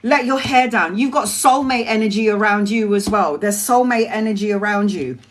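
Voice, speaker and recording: A woman's voice: mid-range voice, moderate pace. A woman giving live tarot readings to viewers, chatty and emotional, calling people by name and laughing easily. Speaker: tarot reader.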